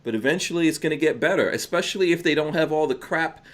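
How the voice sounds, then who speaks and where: A man's voice: a little high, fast talker. A man hosting a casual podcast, rambling and reading out viewer donations. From United States. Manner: rambling, reads donor names, laughs often. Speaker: podcast host.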